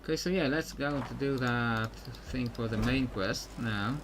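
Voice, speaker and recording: A man's voice: mid-range voice, a little slow, background noise. A man streaming a game, chatting casually and thinking aloud as he clicks through quests. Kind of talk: casual let's-play commentary.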